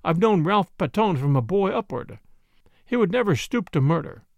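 A man's voice: high voice, big pitch swings, moderate pace, gravelly, no echo, lo-fi sound, full character voice. A man voicing a genial chief constable, a colonel with a hearty, breezy manner in an audiobook. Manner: hearty, breezy, officer's bluster.

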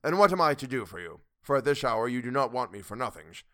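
A man voicing an older male professor who questions in a low, level, patient tone during an audiobook reading. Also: expressive, normal speed, vocal fry, bright, forceful tone, exaggerated voice. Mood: cheerful.

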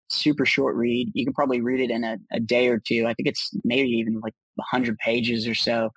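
A man's voice: medium pitch, creaky, breathy edge, no echo, low-quality recording. A man, a startup founder being interviewed, answering in an upbeat casual way with many restarts and fillers.

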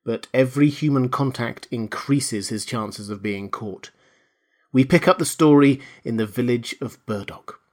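A man reads a classic novel aloud as an audiobook. His delivery is measured and expressive, with a mid-range voice. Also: mid-range voice. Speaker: reader. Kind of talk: audiobook narration.

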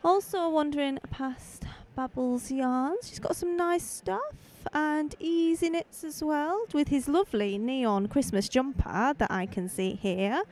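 A woman's voice: sits high, measured pace, hardly any pauses, darkish tone. A woman hosting a casual live podcast as she walks around festival stalls outdoors, chatting in a rambling, friendly way into a handheld microphone. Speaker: podcast host.

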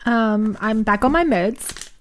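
A woman in casual chat who tells animated stories, swears heavily and acts out what people said. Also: a little high, slow, slight background noise. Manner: animated storyteller, heavy swearing, acts out quotes.

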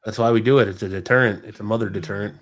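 A man's voice: lowish voice, steady tone, rapid-fire. A man with an American accent co-hosting a podcast in casual chat, making dry teasing jokes. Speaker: podcast co-host.

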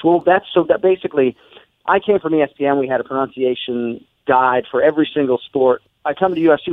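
A man, a guest announcer, calling in to chat and explaining things in a measured way. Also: medium pitch, no room sound. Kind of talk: casual chat by phone. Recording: tinny dry phone line.

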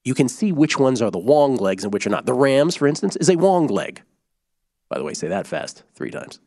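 A man hosting a sports betting podcast, explaining bets in an animated, casual way with quick asides. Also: medium pitch, gravelly, no room sound, studio quality.

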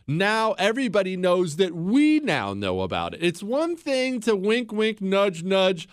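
A man's voice: sits high, sing-song, moderate pace, hardly any pauses, smooth, dry recording, studio quality. A man hosting a podcast, telling history in a blunt, opinionated way, mocking people and acting out quotes. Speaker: podcast host.

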